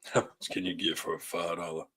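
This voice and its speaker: A man's voice: low voice, flat delivery, fairly quick, a bit bright. A man co-hosting a casual food show, talking in an easygoing, rambling way. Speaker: co-host. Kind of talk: casual chat.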